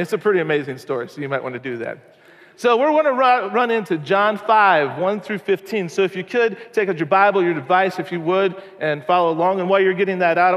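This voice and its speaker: A man preaching a sermon, telling stories in a conversational, animated way. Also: sits high. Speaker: pastor. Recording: long hall reverb.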